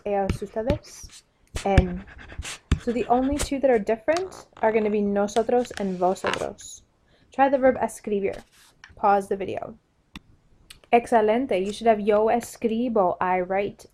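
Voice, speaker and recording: Woman teaching grammar over a noisy track. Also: mid-range voice. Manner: clear, patient explaining, spelling out endings and drilling conjugations. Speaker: Spanish teacher. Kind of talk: recorded grammar lesson for students. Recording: noisy with pen clicks and writing sounds.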